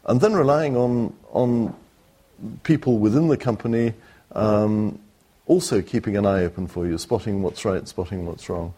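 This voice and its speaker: A man on a discussion panel answering a question in a measured, halting way, with restarts. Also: lowish voice, warm tone. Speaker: panelist, company executive.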